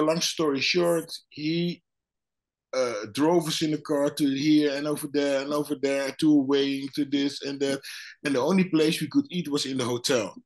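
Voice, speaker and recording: A man, a guest former fighter, telling a story in casual chat with many restarts and acted-out quotes. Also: a little high. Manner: animated, acts out other people's lines.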